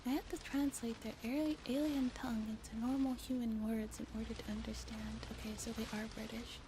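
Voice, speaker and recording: A woman streamer reading a story aloud in a soft-spoken ASMR style, slipping into whispers and chatting with her viewers. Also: fairly high pitch, steady tone, a little fast, background noise. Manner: slips into whispers, chats with viewers.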